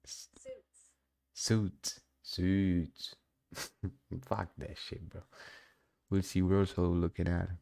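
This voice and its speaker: Low, dark-toned young man, non-native English, laid-back live trading talk. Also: completely flat delivery, normal speed, creaky, long pauses. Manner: casual and slangy, often says "bro". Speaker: day trader streaming live. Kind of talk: casual live trading commentary.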